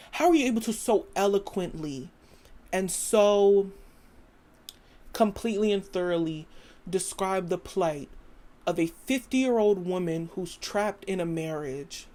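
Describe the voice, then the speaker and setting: A woman's voice: mid-range voice, mellow. Woman podcast host, casual solo monologue, emphatic and rambling, mid-range voice. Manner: rambling, emphatic, quotes lyrics aloud.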